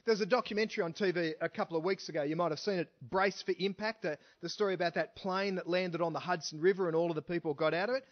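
Guy preaching a sermon, pretty high voice, really emphatic, dull lo-fi sound. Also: fast talker, few pauses. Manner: emphatic, asks the listener rhetorical questions. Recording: dull lo-fi recording.

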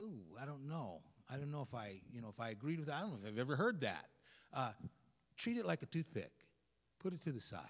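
A man preaching a sermon as a pastor, talking in a conversational, animated way with asides to the congregation. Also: on the high side. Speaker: guest pastor. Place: church sanctuary. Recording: long reverb of a church hall.

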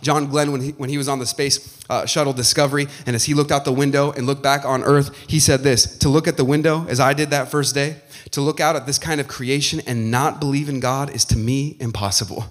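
A man preaching a sermon, fervent and shifting between loud declarations and hushed asides. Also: medium pitch, fairly even intonation, fairly quick, hardly any pauses. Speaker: pastor.

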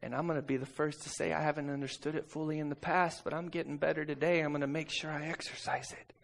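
A man preaching a sermon, telling a personal story and calling out to the congregation for responses, moving from quiet talk to shouting. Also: on the high side, level tone, quick pace, gravelly. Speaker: pastor.

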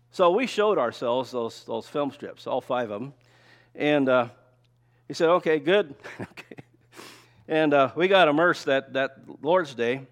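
An older man giving a conversational, folksy sermon, often asking rhetorical questions and telling personal stories. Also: fairly high pitch. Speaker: preacher. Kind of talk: sermon with slides.

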